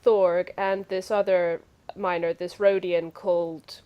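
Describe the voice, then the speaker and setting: A woman player in a casual tabletop game, arguing her point in a brisk, insistent way over a voice call. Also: fairly low pitch, flat delivery, clean tone, dull audio.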